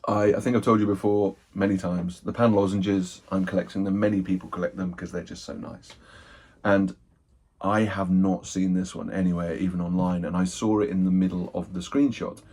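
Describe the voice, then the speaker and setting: Male host, casual self-deprecating unboxing chat; husky, dark tone. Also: deep voice, flat delivery, moderate pace. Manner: rambling, self-deprecating, thinking aloud. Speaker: book collector, channel host.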